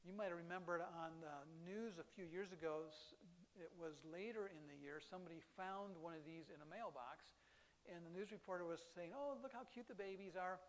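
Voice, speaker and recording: A man's voice: fairly high pitch, fairly even intonation, brisk, poor audio. Enthusiastic man giving a birding lecture. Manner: chatty, enthusiastic, restarts often. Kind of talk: live lecture with slides. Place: lecture hall.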